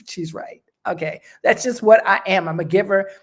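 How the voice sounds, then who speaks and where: A woman's voice: medium pitch, wildly swooping pitch, unhurried, slightly rough. Encouraging woman talking straight to listeners. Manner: direct, encouraging, conversational with many fillers. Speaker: host. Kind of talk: casual motivational talk.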